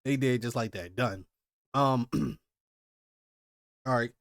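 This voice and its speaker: Animated man reacting live to a comic. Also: mid-range voice, takes it slowly, creaky, dry recording, clean studio sound. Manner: animated, exclaiming, slangy commentary. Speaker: manga reaction host. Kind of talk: live manga reading and reaction.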